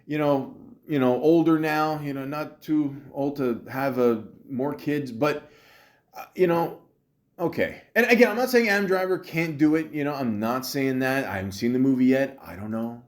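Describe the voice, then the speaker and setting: A man hosting his own podcast, talking off the cuff about films. He rambles, swears freely and trips over his words, piling up fillers and restarts between jokes. His voice sits at a middling pitch for a man. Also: normal speed. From half Italian, half Greek heritage. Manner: rambling, profane, joking, many fillers and restarts. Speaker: podcast host. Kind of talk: casual solo podcast commentary.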